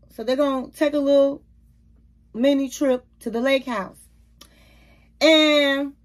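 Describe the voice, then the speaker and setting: A woman recapping a reality show for her channel's viewers in a chatty manner, calling them queens, honey and baby. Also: sits high. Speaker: YouTube reality-TV reviewer. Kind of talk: casual recap and commentary.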